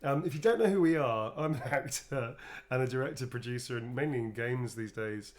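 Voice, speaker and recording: His voice sits at a medium pitch and moves at a brisk clip. While sketching what viewers requested on his livestream, the weary actor rambles in a playful, casual way, calling them darlings.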